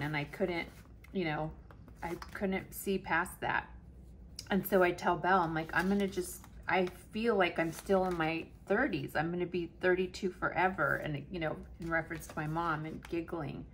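A woman in her late forties talks to her viewers in a chatty, self-mocking way while she plans. Her voice sits a little low, and a faint hiss runs under the recording. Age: 40s. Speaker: planner vlogger. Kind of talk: casual chat to camera while planning.

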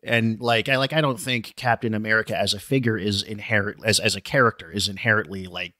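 A man's voice: on the low side, fairly even intonation, fairly quick, pushed and bright, dry recording, studio quality. A man co-hosting a podcast, talking in a casual discussion with frequent stammered restarts and apologetic asides. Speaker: podcast co-host.

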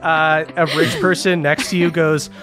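A man's voice: fairly high pitch, flat delivery, moderate pace, fairly bright tone, soft background music. A man running a comedic tabletop game as game master, casual and laughing, swearing freely.

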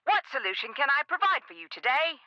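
A woman's voice: sits high, big pitch swings, fast, no room sound. A woman voicing a chirpy young receptionist for a castle staffing firm in a video game, rattling off perky scripted sales patter over the phone. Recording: dull phone line.

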